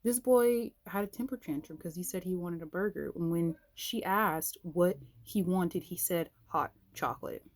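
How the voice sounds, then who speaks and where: A woman with a fairly low voice tells a personal faith story straight to her viewers. She is chatty and casual, and her pitch leaps up sharply whenever she acts out what someone said. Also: normal speed, hardly any pauses. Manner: animated, acts out quoted voices with big pitch jumps; talks to viewers directly, uses "y'all". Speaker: vlogger sharing a faith story.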